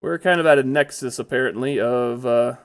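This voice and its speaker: A man's voice: medium pitch, a little fast, clean tone. A man giving casual, chatty commentary over his own gameplay, blurting out exclamations when startled.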